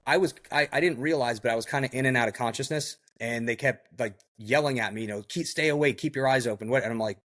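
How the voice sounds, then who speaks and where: Guy on a podcast telling his story, lively, acts out what people said, lots of "like" and "you know". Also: mid-range voice, quick pace, few pauses. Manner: heavy use of "like" and "you know". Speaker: podcast guest. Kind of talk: recounting a survival story in a podcast interview.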